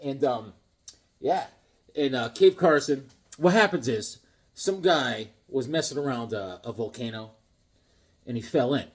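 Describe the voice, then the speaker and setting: A man's voice: medium pitch, expressive, measured pace. A tired middle-aged man chatting casually and rambling with jokes as he shows off old comic books. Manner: rambling, joking, reads comic lines aloud. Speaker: comic book collector vlogger. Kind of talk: casual show-and-tell chat.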